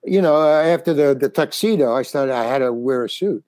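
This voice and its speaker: A man's voice: medium pitch, a little fast, a little mellow, no room sound. Older man rambling through comedy stories. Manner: rambling, restarts, acts out quoted dialogue. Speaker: comedian guest. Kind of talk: casual storytelling interview.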